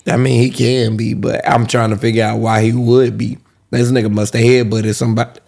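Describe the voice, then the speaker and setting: A man's voice: mid-range voice, level tone, fairly quick, creaky, darkish tone. A young man co-hosting a podcast in casual chat, taking his time to explain his points and laughing along. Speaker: podcast co-host.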